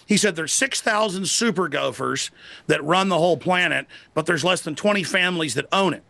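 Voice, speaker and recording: A man's voice: fairly high pitch, fairly quick, vocal fry, pushed and bright, no room sound. A man arguing angrily as an interview guest, ranting in a declamatory way. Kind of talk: heated political argument.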